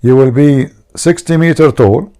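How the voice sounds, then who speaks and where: A man's voice: mid-range voice, a little slow, mellow. A man hosting a livestream, teasing his viewers and laughing at his own jokes. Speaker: livestream host. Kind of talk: joking livestream chat.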